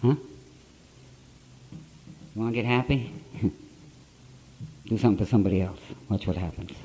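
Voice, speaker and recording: Middle-aged man, mellow warm tone, blunt plain-spoken storyteller at a podium, old conference tape. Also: on the low side, unhurried, poor audio. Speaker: speaker at a recovery conference. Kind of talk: personal recovery story told to an audience.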